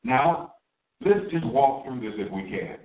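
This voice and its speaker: A man's voice: mid-range voice, big pitch swings, reverberant, recorded from a distance, phone-quality sound. A man preaching a sermon, drawing out his key words and asking his listeners questions. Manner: emphatic, drawn-out stresses on key words.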